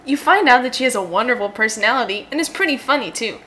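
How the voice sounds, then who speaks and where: Give me a giggly young woman with a crisp, bright voice narrating a silly adventure game. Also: a little high, animated, fast talker, hardly any pauses, a little hiss or hum. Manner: giggly, playful, laughs often. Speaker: host and story narrator. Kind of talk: narrating a choose-your-own-adventure game.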